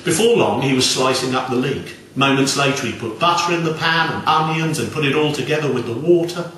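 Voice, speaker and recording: A man telling a folk tale in an expressive, dramatic way. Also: medium pitch, fairly quick, a little hiss or hum. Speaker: storyteller. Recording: very echoey room, distant mic.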